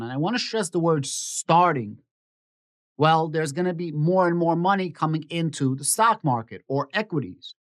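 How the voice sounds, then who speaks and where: A man's voice: on the high side, lively intonation, normal speed. A man talks through market news on his own channel in a casual, explanatory tone. He is opinionated and keeps circling back to the predictions he says he made. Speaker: stock market YouTuber. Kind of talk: casual finance commentary to camera.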